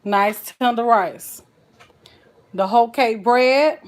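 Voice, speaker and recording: A woman's voice: fairly high pitch, very slow. A woman chatting folksily while cooking on a live stream, calling her viewers child and honey. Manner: folksy and chatty, full of endearments.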